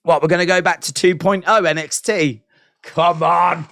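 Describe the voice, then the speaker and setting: A man's voice: high voice, a little fast, a bit bright, dry recording. Joking man reacting on stream. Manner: joking, sarcastic, chats to viewers and reads out chat. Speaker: wrestling watch-along streamer. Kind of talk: live-stream reaction commentary.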